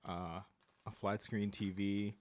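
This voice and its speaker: A woman's voice: a bass voice, level tone, slow pace, a little mellow, slight background noise. A young woman in a casual group chat, matter-of-fact.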